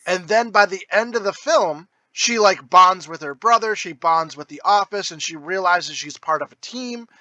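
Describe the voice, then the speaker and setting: A man co-hosting a comedy podcast, explaining a film's character arcs in an animated, profane way. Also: sits high, normal speed, hardly any pauses, no echo, poor audio. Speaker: podcast co-host. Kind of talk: comedic movie review chat.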